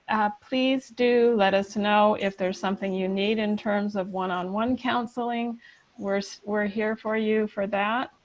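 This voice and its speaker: A woman's voice: fairly high pitch, muffled recording. A woman from a counseling group giving a short, informal announcement.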